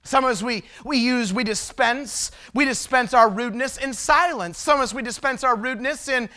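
A man's voice: extremely high pitch, moderate pace, sharp tone. A male traveling preacher giving a sermon, telling personal stories in a conversational way and asking the audience rhetorical questions.

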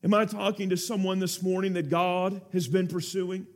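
A man's voice: sits high, level tone, normal speed. A man preaching a sermon, telling a story with earnest feeling and building to urgent appeals to his listeners.

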